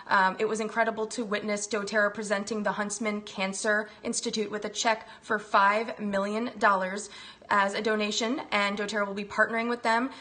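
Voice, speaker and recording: A woman's voice: mid-range voice, pushed and bright. A woman hosting a casual wellness livestream, effusive and bubbly, greeting viewers by name as she chats into her phone. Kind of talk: live-stream chat greeting viewers.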